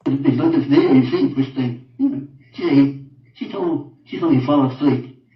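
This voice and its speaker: An older man giving a halting personal account in an interview, repeating himself and often trailing off quietly. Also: mid-range voice. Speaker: interviewed father. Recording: roomy, distant, dull audio.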